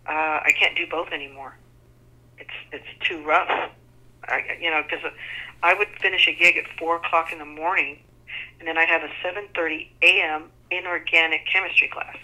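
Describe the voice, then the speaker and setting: A woman's voice: sits low, low-quality recording. A middle-aged woman with a Texan accent, a singer talking as an interview guest and acting out what others told her. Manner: animated, acts out quoted voices. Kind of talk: conversational storytelling.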